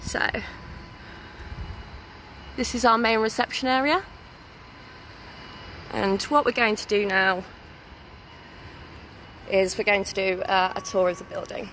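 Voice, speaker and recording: Speaking slowly with frequent pauses, this British student halls manager has a mid-range, fairly bright voice and fairly even intonation. She streams a chatty, friendly walking tour on a handheld phone, using many "so" and "um" fillers, going from a city street outside a building into its reception. The recording is rough, with slight background noise.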